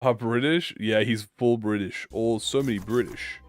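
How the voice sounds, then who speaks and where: A young man giving casual let's-play commentary, excitable and slangy, swearing freely as he thinks out loud. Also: medium pitch, normal speed, no room sound, clean studio sound. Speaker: gaming YouTuber. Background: faint game music.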